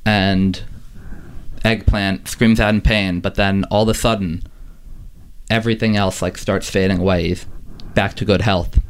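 A man casually telling a dramatic story to a friend, relaxed with dramatic pauses and fillers. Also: low voice, clear, resonant tone.

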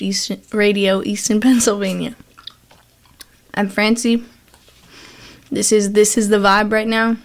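A young woman hosting a college radio show, chatting casually in a rambling, giggly, self-deprecating way into a studio microphone. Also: medium pitch. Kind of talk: casual chat.

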